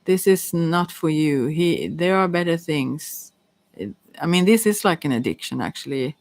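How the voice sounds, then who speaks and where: A woman's voice: deep voice, expressive, moderate pace, darkish tone, dry recording. Giggly woman giving a tarot reading. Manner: chatty, giggly, hesitant with many fillers. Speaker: tarot reader. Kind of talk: casual live-stream tarot reading.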